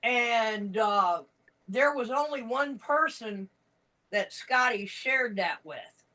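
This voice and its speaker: A woman's voice: a little high, lively intonation, slow pace, bright, forceful tone, distant mic, poor audio. A woman in casual conversation, telling stories frankly and emphatically. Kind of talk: casual chat. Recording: voice set back from the mic.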